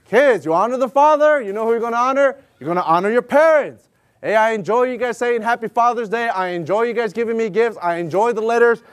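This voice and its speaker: High-voiced man preaching a lively sermon. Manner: animated, storytelling, acts out dialogue. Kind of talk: sermon with personal story.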